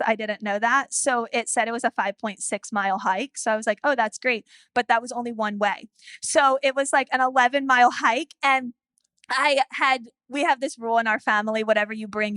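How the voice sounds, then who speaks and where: Casting: woman pastor, 30s, high bright voice, animated storyteller, dry close sound. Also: no room sound. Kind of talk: sermon with personal story.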